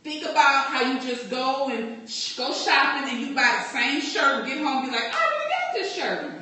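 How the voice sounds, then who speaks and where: A woman's voice: high voice, fairly even intonation, normal speed, sharp tone. Emphatic woman coach in an echoey room. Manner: direct, encouraging, emphatic. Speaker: life coach. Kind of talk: motivational group talk. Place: meeting room. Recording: echoey room, distant from mic.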